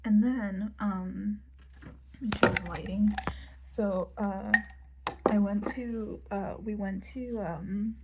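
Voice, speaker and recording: A young woman vlogger tells a rambling, casual story while doing her makeup, using lots of fillers and slipping into whispered asides. Her mid-range voice is slow and steady in tone, with heavy background noise.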